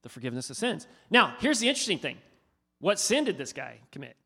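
Animated preacher man in a reverberant hall. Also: a little high, quick pace, husky. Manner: animated, questioning the audience. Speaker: pastor. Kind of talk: sermon.

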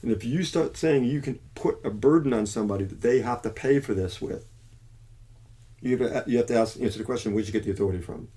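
Mellow-voiced man preaching. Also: mid-range voice, fast. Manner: emphatic, restarts and self-corrections. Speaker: Christian commentator. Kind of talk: preaching monologue.

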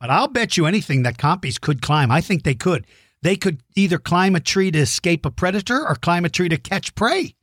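Middle-aged male kids' show host, enthusiastic and encouraging, slightly high, dry close mic. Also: fairly quick, fairly bright tone, no echo. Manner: enthusiastic, encouraging, explains simply. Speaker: host answering kids' dinosaur questions. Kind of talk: friendly kids' show chat.

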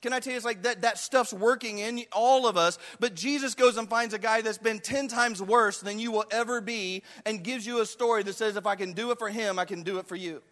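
A man's voice: sits high, brisk, few pauses, pushed and bright, long reverb tail. A male pastor preaching a sermon with passion, acting out the voices of the people in the story.

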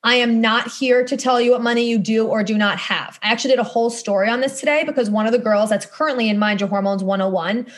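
A woman's voice: fairly high pitch, fairly even intonation, fast talker, few pauses. A woman in her thirties hosting a casual podcast monologue, talking bluntly and emphatically, with casual swearing. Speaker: podcast host and course coach.

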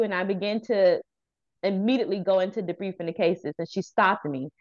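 In an interview, a therapist in her thirties who started a youth center tells a heartfelt story from her own life, talking fairly quickly in a mid-range voice. She is an earnest, lively storyteller who performs the quoted lines, though the recording is dull.

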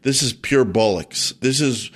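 A man from Oklahoma co-hosts a casual chat show in a medium-pitched voice. He delivers blunt, emphatic opinions and mocks the idea he is answering in a playful way. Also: measured pace, fairly bright tone. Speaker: co-host and expert.

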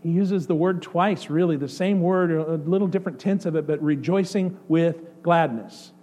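A male pastor preaching a sermon, swinging between excited outbursts and soft, hushed passages. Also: fairly high pitch, moderate pace. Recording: faint mains hum. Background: faint electrical hum.

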